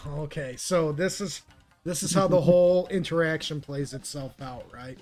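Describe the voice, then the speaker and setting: A man narrating as game master of a tabletop game, his voice sitting a little high. He talks in a laid-back, halting way, full of uhs and ums, over faint music. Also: darkish tone.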